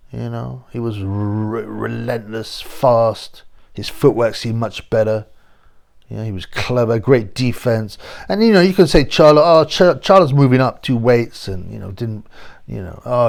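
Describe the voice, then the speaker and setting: London guy, gravelly voice, rambling and blunt, lots of slang. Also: mid-range voice, a little mellow. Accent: London English. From England. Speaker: boxing channel host. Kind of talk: casual opinionated monologue.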